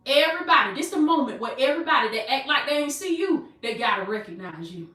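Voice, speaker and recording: A woman preaches in a high, bright voice, driving her points home with repeated phrases and calls of baby. She sits back from the mic, and the room gives her voice a noticeable echo. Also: lively intonation, a little fast, distant mic. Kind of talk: preaching motivational sermon.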